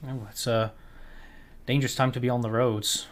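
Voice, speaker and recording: A man's voice: mid-range voice, flat delivery, normal speed, lightly acted. A man voicing a wary, middle-aged male tavern barkeep who talks in a plain, hesitant way.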